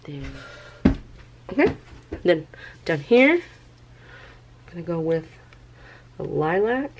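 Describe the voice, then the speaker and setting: Lady doing tie-dye at home, low voice, slow and chatty, a little hiss behind. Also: muffled recording. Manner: chatty, excitable, thinking aloud. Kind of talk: casual craft tutorial.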